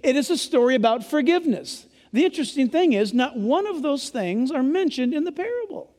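A male pastor preaching a sermon to his church during a service, speaking emphatically and sometimes yelling. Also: extremely high pitch, sing-song, brisk, in a large hall.

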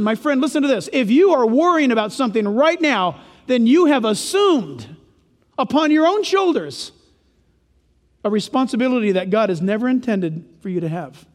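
A man preaching a sermon as pastor, animated and humorous, with playful asides between scripture readings. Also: very high-pitched. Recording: long echo of a large hall.

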